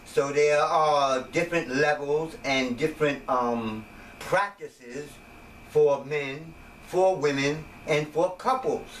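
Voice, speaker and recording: Man, casual monologue, fairly high voice, faint background hiss. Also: slow. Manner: rambling, jokey, slips into voices. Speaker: self-made wellness teacher. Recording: echoey room, mic at a distance, faint noise.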